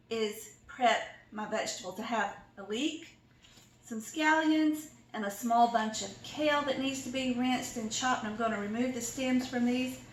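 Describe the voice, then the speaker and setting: A woman with a Southern US accent hosts a cooking vlog from her home kitchen, walking through a recipe in a chatty, folksy, self-deprecating way. Her voice is a little high, and the low-quality recording sounds reverberant.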